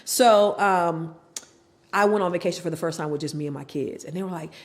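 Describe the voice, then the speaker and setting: A middle-aged woman with a fairly low, brisk voice tells her personal story frankly on a podcast as a guest. Animated throughout, she acts out what her relatives said.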